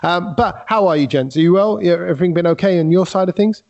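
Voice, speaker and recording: A man's voice: sits high, fast talker, creaky, darkish tone, muffled recording. A man hosting a casual podcast over a video call, teasing the others and cutting in with jokes. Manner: teasing, jokey, theatrical interruptions. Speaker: podcast host.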